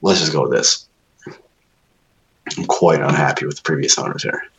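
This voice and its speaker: A young man with a very deep voice, talking casually and cursing freely. He rambles through his story with lots of "like" and restarts. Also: moderate pace, low-quality recording. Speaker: new homeowner. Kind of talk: casual chat.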